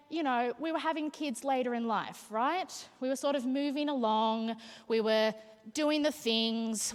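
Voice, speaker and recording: A brash young woman doing stand-up, her voice pitched a little high and ringing with long hall reverb. She talks in an animated way and teases the crowd. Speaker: stand-up comic speaker. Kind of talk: stand-up comedy.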